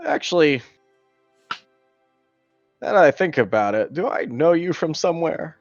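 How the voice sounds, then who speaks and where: A man speaking in character at a tabletop game, friendly and halting. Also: on the high side, big pitch swings, no room sound. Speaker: player voicing his character. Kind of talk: tabletop role-play in character. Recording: dull sound, faint music behind.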